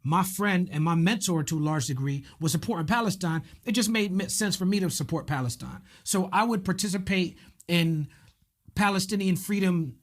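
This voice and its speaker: Man, high-pitched, interview host, earnest, deliberate, pauses with fillers. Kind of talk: interview conversation.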